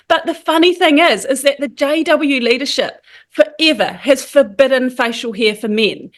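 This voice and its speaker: Nz woman on a podcast, high voice, chatty, lots of ums. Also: a little fast. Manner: chatty, animated, many fillers. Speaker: guest, founder of a support group. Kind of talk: casual podcast conversation.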